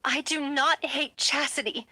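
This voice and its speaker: A woman's voice: high-pitched, steady tone, unhurried, bright, forceful tone, pitched above the performer's own voice, full character voice. Woman reading as a cold, composed werewolf matriarch. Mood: defensive.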